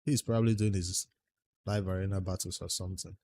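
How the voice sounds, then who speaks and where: A man from Nigeria with a Nigerian accent and a fairly low voice, talking casually on a game livestream. He answers chat questions and thinks out loud about his grind in a chatty, easygoing way. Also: fairly even intonation, brisk, no echo. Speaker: game streamer.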